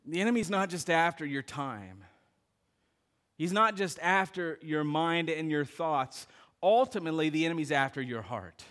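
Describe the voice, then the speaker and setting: High-pitched guy preaching a sermon, animated, tells stories and gets the church to shout answers. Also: normal speed. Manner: animated preaching with audience call-outs and storytelling. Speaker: pastor.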